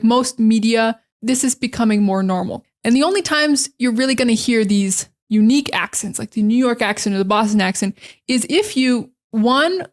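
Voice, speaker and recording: A young American woman with a standard accent, teaching in a casual, chatty monologue full of fillers and slow explanations. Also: a little high. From Northeastern United States. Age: young adult. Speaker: English teacher.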